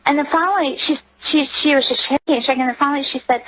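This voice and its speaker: A woman giving a radio interview, recounting her past in an earnest, halting way with many restarts. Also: sits high, steady tone, a bit bright, no room sound, rough recording. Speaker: interview guest. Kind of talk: radio interview, personal account.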